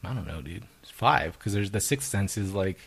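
A man's voice: on the low side, expressive, moderate pace, creaky, fairly bright tone, slightly rough. A man co-hosting a podcast, rambling casually with fillers and crude jokes. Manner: rambling, laughing, uses fillers. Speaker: podcast co-host.

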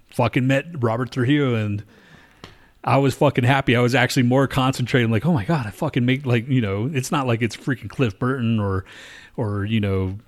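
A man's voice: mid-range voice, steady tone, normal speed. Profane rambling man telling a story. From lives in Denver. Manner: profane, rambling, acts out quotes. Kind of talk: casual storytelling chat.

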